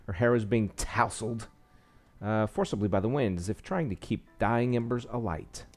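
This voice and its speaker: A man's voice: on the low side, moderate pace. A man reading a visual novel aloud, with small slips and asides, saying he is losing his voice. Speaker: game narrator.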